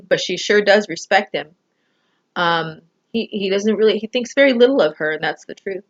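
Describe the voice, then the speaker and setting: Speaking at a normal pace with a medium-pitched voice, a woman talks to the camera in a recording with the highs cut off. She rambles emotionally about family and people, using many fillers such as "you know."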